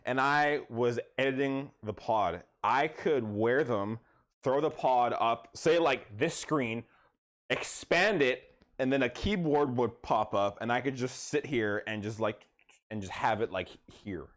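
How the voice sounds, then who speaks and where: Halting mid-pitched man in podcast chat. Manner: halting, restarts, laughs. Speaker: podcast co-host and editor. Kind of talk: casual chat.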